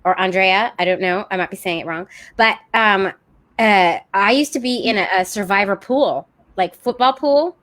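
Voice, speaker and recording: Female podcast co-host, mid-pitched, eager, rambling, lots of restarts. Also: normal speed, a bit bright. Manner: enthusiastic, rambling, restarts often. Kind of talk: casual chat.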